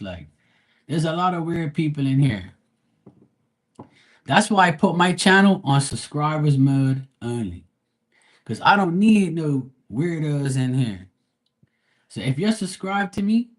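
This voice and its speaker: A man who reads tarot live, chatting casually with his viewers in a blunt, profane, slangy and rambling way. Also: fairly high pitch. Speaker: live tarot reader and streamer. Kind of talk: casual livestream chat.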